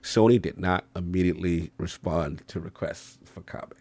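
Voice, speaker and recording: A man hosting a gaming podcast, reading out a news report in an even way with small fillers. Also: low voice, moderate pace, breathy edge, no echo. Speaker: podcast host. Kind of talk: reading out news, then casual chat.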